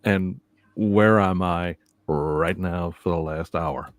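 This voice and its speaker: A man with a deep, low voice on a relaxed live stream chat. He tells stories at an easy pace and laughs softly along with the others. The recording is dry and close. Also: takes it slowly, no room sound.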